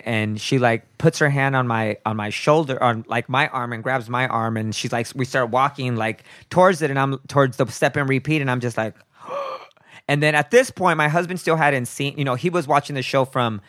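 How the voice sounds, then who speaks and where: A man's voice: mid-range voice, no echo, clean studio sound. A man who performs in drag, telling a story in a casual podcast chat and acting out the voices he quotes. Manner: lively, acts out quoted voices, casual swearing.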